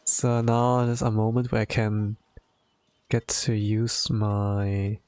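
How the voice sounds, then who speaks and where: A man giving casual, rambling commentary as he plays a game, filling his talk with "like" and bursting out with excitement. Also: fairly low pitch, slow, smooth. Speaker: streamer.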